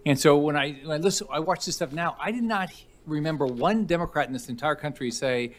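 A man, a senator at a hearing, recounting an experience in a halting way, with many fillers. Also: on the high side, expressive. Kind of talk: unscripted testimony.

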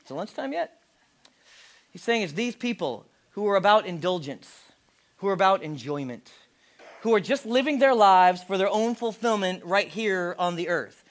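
A man in his forties preaching a sermon from the pulpit. His voice sits high for a man. He talks to the congregation in a plain, direct way and often sinks to a near-hush for emphasis. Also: expressive, normal speed. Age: 40s. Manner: direct, conversational preaching with dramatic drops to a hush. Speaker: pastor.

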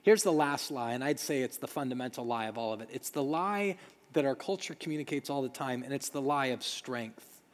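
A man's voice: medium pitch, a little fast. Earnest preacher man, reverberant hall. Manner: earnest, emphatic repetition. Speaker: pastor. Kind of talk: sermon.

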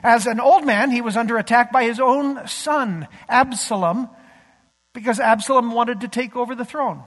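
High-voiced pastor in a reverberant hall. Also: male voice, normal speed, fairly bright tone. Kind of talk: sermon.

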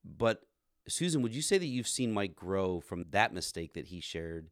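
A man's voice: low-pitched, sing-song, moderate pace, no room sound, studio quality. A man in his forties hosting a podcast, telling a candid story about his marriage in a self-deprecating way. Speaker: podcast host. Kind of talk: candid conversation.

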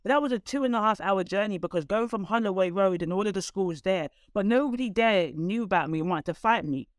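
A woman, a guest telling her life story in conversation, candid and animated with quick asides. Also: medium pitch, dry recording, studio quality. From London, England.

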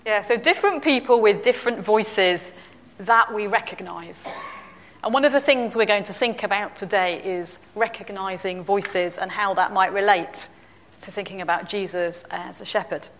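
A woman's voice: mid-range voice, normal speed, big-room sound. A woman leading a casual church talk, chatty and self-deprecating, laughing easily.

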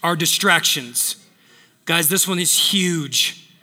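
A man's voice: on the high side, slow, bright, forceful tone, long reverb tail. A man preaching a sermon, emphatic, repeating phrases to drive points home. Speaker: pastor.

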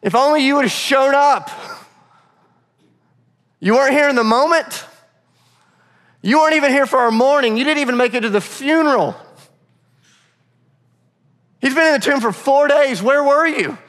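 A man's voice: normal speed, long pauses, fairly bright tone. A man voicing Martha, a grieving woman, in a raised, pleading voice full of reproach. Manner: pleading, accusing, rising in pitch.

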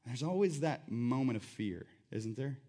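A man preaching a sermon in a conversational, animated way, acting out voices as he tells the story. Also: mid-range voice, normal speed. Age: adult. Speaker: pastor.

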